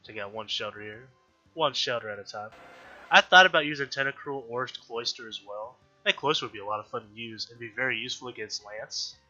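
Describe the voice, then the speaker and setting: A man's voice: medium pitch, a little fast, pushed and bright. Nasal-voiced man narrating a game. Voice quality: nasal from allergies. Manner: chatty, thinking aloud, frustrated outbursts. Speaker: gaming YouTuber. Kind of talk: casual let's-play commentary. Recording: dull lo-fi audio with faint game music. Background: faint game music.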